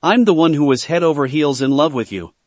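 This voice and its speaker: A man voicing a proud, passionate young goddess in a read-aloud fan fiction story, speaking softly and intimately. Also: on the high side, a little fast, no room sound, natural voice. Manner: soft and intimate.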